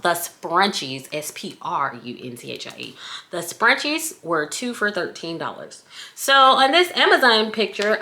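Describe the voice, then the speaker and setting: A woman's voice: on the low side, bright, forceful tone. A woman with a Southern US accent, chatting playfully through a casual product review on her own vlog. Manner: chatty and playful, breaks into little sing-song bits. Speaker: scrunchie shop owner reviewing a product.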